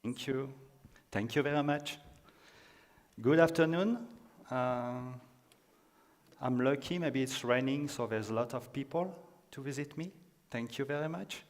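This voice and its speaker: A man's voice: mid-range voice, unhurried, pauses often. French-accented man in a reverberant hall. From France. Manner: hesitant, with many filler sounds. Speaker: conference speaker. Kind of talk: conference presentation. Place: conference room.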